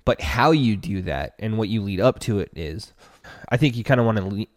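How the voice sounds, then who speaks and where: A man's voice: fairly low pitch, animated, a little fast, no room sound, studio quality. A man hosting a relationship podcast, giving earnest, casual advice straight to the listener.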